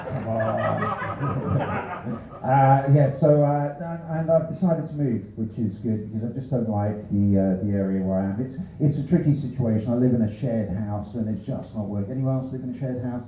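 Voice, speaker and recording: Dry stand-up comic in an echoey club. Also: male voice, mid-range voice, measured pace, slight background noise. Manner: dry punning one-liners with offhand asides. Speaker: stand-up comedian. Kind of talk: stand-up set testing new jokes. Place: small comedy club stage. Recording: echoey room, distant, slightly dull.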